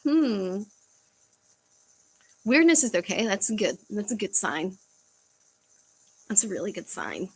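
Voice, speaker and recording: Young woman, casual home livestream host, halting delivery with fillers and sighs. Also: mid-range voice, very animated, slightly rough, rough recording. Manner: halting, searching for words, frequent fillers and sighs. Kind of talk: casual livestream chat reading comments.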